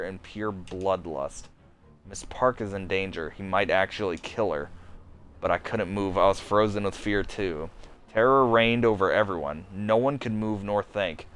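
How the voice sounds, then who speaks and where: A man streaming, reading a horror story game aloud in a hushed, dramatic way and reacting. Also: sits low. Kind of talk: live-stream narration and reactions.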